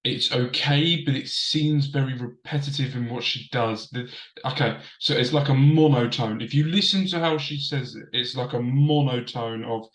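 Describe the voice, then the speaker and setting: A man's voice: mid-range voice, moderate pace, reverberant, poor audio. A man hosting a casual wrestling review show, chatting straight to camera from a desk and repeating himself for emphasis. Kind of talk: casual commentary. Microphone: desk camera setup.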